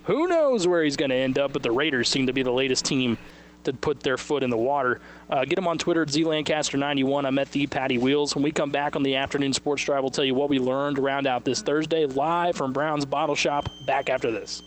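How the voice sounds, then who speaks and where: A man hosting a sports radio show live from a liquor store, chatting casually and quickly, sometimes mimicking other people's voices. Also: mid-range voice.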